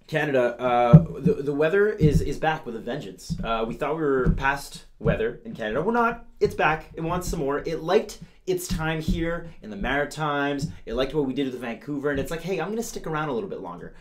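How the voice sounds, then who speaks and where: A man's voice: on the high side, lively intonation, normal speed, hardly any pauses, a little hiss or hum. A man hosting a comedic news show, playful and gushing as he talks straight to his audience.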